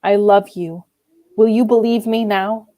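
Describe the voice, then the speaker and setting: An anxious, devoted young wife, as a woman reader speaks her lines pleads earnestly. Her voice sits at a middling pitch and the recording is dry and close. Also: steady tone, measured pace, dark tone, no room sound, natural voice. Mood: pleading.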